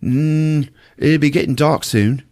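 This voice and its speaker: A man putting on a seductive serpent woman who purrs and teases. The voice is raised above his normal pitch and drawn out slowly. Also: a little mellow. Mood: teasing. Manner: purring, teasing. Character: seductive, mocking vampiric snake woman.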